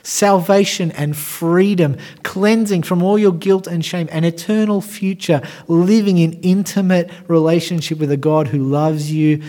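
Emphatic preacher, slightly high voice. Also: male voice, steady tone, unhurried, hardly any pauses, mellow. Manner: emphatic, repetitive preaching in short phrases. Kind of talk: sermon.

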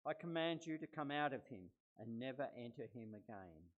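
A man reading aloud the words of a stern, authoritative teacher and healer, in a measured, earnest way. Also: on the low side, lively intonation, narrow, tinny audio.

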